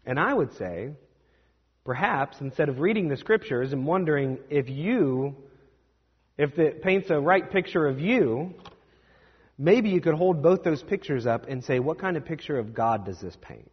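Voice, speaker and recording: A young man preaching a sermon as a pastor, conversational and self-deprecating, with quick asides. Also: fairly high pitch, animated, breathy edge, in a large hall, highs cut off.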